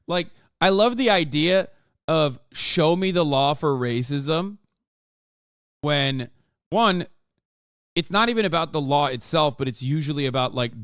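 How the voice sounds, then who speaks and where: A man streaming his reaction to a video, talking casually with lots of swearing and quick, animated interjections. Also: mid-range voice, clear, resonant tone, dry recording, studio quality.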